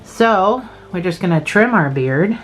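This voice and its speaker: A Scottish woman explaining crochet steps in a relaxed, chatty way, thinking aloud and joking at her own expense. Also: rumbling low, moderate pace, soft background music, rough recording. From Scotland. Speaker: crochet teacher. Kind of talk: casual step-by-step craft tutorial.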